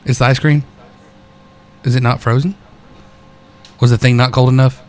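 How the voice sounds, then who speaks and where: A man's voice: medium pitch, little pitch movement, normal speed, darkish tone. Rambling, joking American man. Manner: rambling, joking, many restarts. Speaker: podcast co-host. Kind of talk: casual podcast banter.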